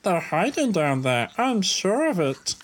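A man voicing an eager young male detective in a strained high voice. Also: very animated, measured pace, full character voice. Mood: determined.

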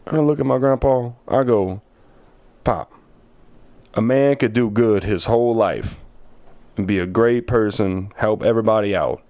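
Low-pitched man, podcast co-host, lively storyteller who slips into voices of his relatives. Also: normal speed, pauses often, dry recording. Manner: animated storyteller who acts out family members' voices. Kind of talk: casual storytelling chat.

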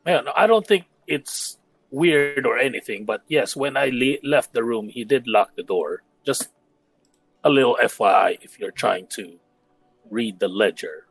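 A man's voice: medium pitch, expressive, a little slow, vocal fry, husky, no room sound, rough recording. A man playing a tabletop game, easygoing in his talk. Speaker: player. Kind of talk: casual tabletop game chat.

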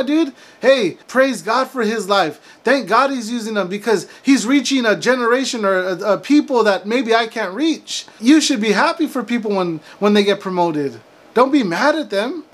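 Casting: man with a very high voice, preacher-like faith vlogger, emphatic. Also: animated, fairly quick, a bit bright. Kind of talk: preachy motivational monologue.

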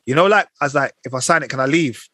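Fast-talking man, husky. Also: medium pitch, dry recording. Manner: animated anecdotes full of slang and acted-out quotes. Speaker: podcast co-host. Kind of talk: casual chat, storytelling.

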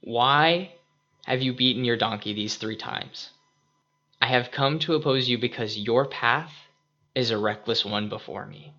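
A man voicing a stern male angel who rebukes a traveler in a low quiet voice, on a dull lo-fi recording. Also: measured pace.

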